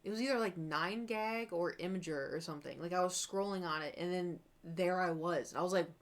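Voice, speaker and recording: A woman's voice: fairly low pitch, fairly quick. A young woman streamer chatting casually while she paints, telling rambling stories and acting out her own past reactions. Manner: rambling, animated storytelling, quotes herself with exclamations.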